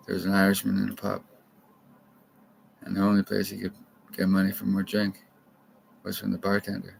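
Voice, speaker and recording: A man's voice: low-pitched, completely flat delivery, a little fast, creaky, long pauses, slight background noise, poor audio. A man from Canada rambling profanely to camera, jumping from topic to topic.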